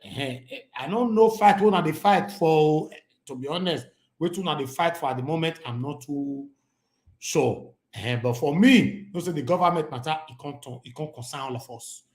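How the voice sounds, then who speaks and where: A man from Edo State with a Nigerian Pidgin accent, reading news articles aloud and breaking into animated, chatty commentary as an online news host. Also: a little high, normal speed, reverberant. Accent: Nigerian Pidgin English. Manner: animated, shifts between reading and chatty asides.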